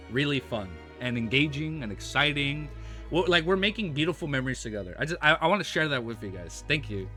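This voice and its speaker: Bright-voiced young American man streaming. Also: a little high. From United States. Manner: chatty, stumbles over words, says dude and bro. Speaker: streamer reading a web novel aloud. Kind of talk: casual reaction stream, reading aloud.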